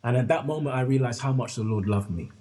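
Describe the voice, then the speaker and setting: A man's voice: medium pitch, quick pace, dark tone. Earnest man telling a story. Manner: earnest, repeats phrases, addresses host by name. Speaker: guest storyteller. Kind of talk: emotional personal storytelling. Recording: long hall reverb.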